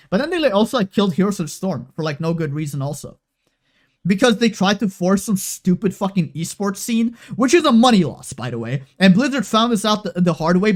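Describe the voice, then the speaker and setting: Young guy streamer going off on a heated sweary rant, pretty high voice, lil bit of music in the back. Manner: heated, profane ranting with frequent fillers and restarts. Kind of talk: casual rant to stream chat.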